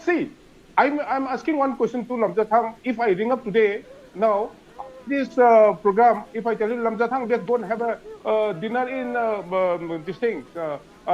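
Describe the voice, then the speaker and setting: A man's voice: extremely high pitch, darkish tone, lo-fi sound, a little hiss or hum. A man, a colonel on a news debate panel, insistent and repetitive, pushing his point over others. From Manipur. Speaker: retired army colonel, panelist.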